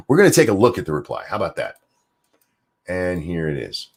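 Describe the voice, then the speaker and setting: Low-voiced guy ranting on his show, really animated, sarcastic and sweary, trips over his words when he gets going. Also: normal speed, breathy edge. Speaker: commentary streamer. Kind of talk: casual ranting commentary.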